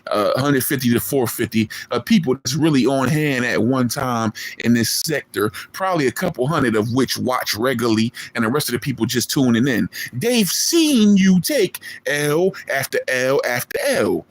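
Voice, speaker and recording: A man's voice: medium pitch, expressive, normal speed, hardly any pauses. A man, streaming a boastful, profane callout rant at a rival in street slang. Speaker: online streamer.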